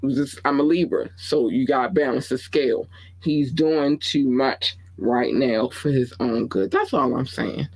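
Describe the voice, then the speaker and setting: A woman's voice: rumbling low, a little slow, a little mellow, husky, poor audio. Blunt, opinionated woman podcast host. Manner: candid, opinionated, reads viewer comments aloud; blunt and profane. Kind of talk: casual entertainment news commentary.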